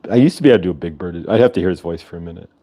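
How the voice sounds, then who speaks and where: A man hosting a casual livestream, chatting in a rambling way over a video call. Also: very fast. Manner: rambling, chatty, lively pitch swings. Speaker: host.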